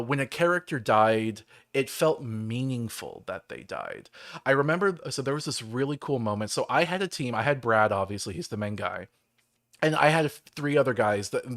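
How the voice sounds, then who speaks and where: A man's voice: mid-range voice, a bit bright. A man hosting a livestream, rambling through a game story in casual chat with lots of fillers. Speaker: livestream host.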